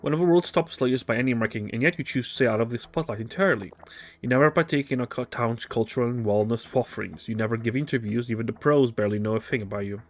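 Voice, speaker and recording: A man's voice: medium pitch, fast, natural voice. A man putting on a scheming woman mayor with a fake accent. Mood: smooth. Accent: put-on foreign accent. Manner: flattering, evasive.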